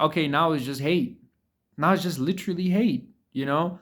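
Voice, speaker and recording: A man's voice: fairly high pitch, normal speed, a bit bright. A man talking casually to camera in a motivational monologue, blunt and profane, repeating words for emphasis and calling the listener bro and dude. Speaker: vlogger.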